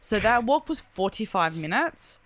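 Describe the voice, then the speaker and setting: A young woman telling a story in casual chat, animated and full of "like", acting out the voices in it. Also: mid-range voice, normal speed, a little hiss or hum. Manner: animated, chatty, lots of "like", acts out quoted voices.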